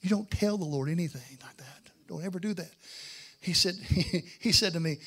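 A man with a fairly high voice preaches by telling a story about himself, poking fun at himself along the way. He is animated and acts out both sides of the conversation. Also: moderate pace, breathy edge. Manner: animated, self-mocking, acts out dialogue. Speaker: pastor. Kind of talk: storytelling sermon.

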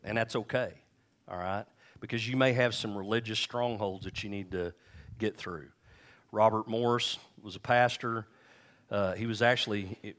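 With a slightly bright voice, this middle-aged pastor fills his sermon with stories. When he quotes people he performs the lines, varying his pitch and loudness.

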